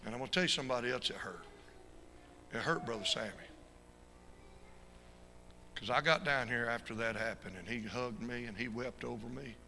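A man preaching a fervent sermon as an evangelist, swinging from shouted peaks to quiet storytelling. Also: medium pitch, moderate pace, vocal fry, long pauses. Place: church sanctuary. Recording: reverberant church hall with faint noise.

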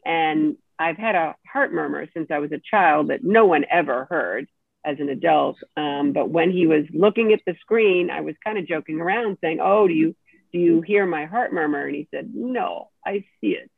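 Gravelly woman on a tinny phone line. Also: sits low, moderate pace, no echo. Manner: animated, acts out quoted speech. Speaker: guest. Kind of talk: personal storytelling in an interview.

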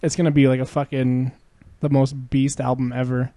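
Laughing, profane man, mellow voice. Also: mid-range voice, flat delivery, normal speed, no room sound. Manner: rambling, profane, laughs often while telling stories. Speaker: podcast co-host. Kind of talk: casual podcast chat.

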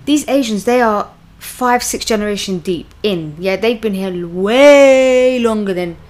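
A woman's voice: mid-range voice, lively intonation, a little slow, darkish tone. Blunt teasing woman. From Britain. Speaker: podcast co-host. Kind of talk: casual chat.

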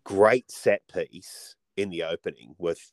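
A man co-hosting a casual podcast chat, rambling and swearing through animated stories. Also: low-pitched, unhurried, dry recording. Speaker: podcast co-host.

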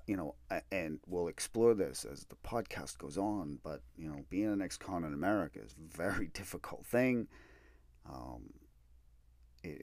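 A man hosting a podcast, telling a personal story in a candid, animated way and acting out what others said. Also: on the low side, no room sound. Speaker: podcast host. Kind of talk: storytelling monologue.

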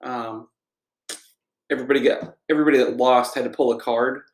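A man co-hosting a podcast, casually chatting through a TV episode in a relaxed, rambling way with frequent ums. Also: medium pitch, brisk. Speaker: podcast co-host. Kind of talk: casual chat reviewing a TV episode. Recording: echoey room.

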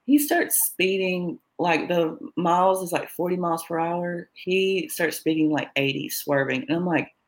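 A woman's voice: on the low side, steady tone, moderate pace, few pauses. A woman telling her own story as an interview guest, acting out what was said and who said it. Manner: tells events in present tense, acting out quoted lines. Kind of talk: personal storytelling.

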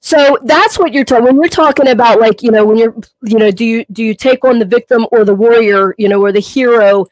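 A talkative woman with a fairly high voice tells a long story on a podcast, looping back on herself with plenty of fillers. She speaks as a personal trainer and gets emotional as she goes. The sound is dry and close, with no room around it. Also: brisk, few pauses, darkish tone, dry recording, poor audio. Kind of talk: casual podcast chat.

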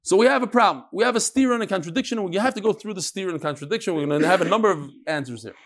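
A man teaching a Talmud class, asking and answering his own questions in an animated, rhetorical way. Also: high-pitched, rapid-fire.

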